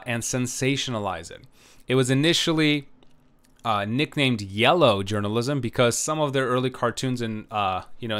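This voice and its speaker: A man's voice: mid-range voice, a bit bright, smooth. A man giving a recorded history lecture, rambling with many filler sounds and frequent "right?" checks.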